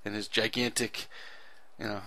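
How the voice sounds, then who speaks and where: A man's voice: on the low side, little pitch movement, normal speed, pushed and bright, dry recording. Casual, rambling male art narrator. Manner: rambling and conversational, with frequent ums and self-corrections; earnest and enthusiastic about clear storytelling. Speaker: artist narrating his drawing process. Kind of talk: casual voice-over commentary on a speed drawing.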